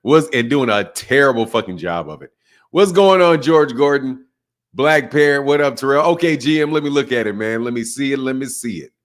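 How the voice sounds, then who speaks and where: A man's voice: medium pitch, lively intonation, brisk. A man hosting a casual boxing livestream, greeting chatters by name, talking loose and slangy with plenty of laughter and cursing. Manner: loose, laughing banter, shouting out chat names; slangy, profane, mocking.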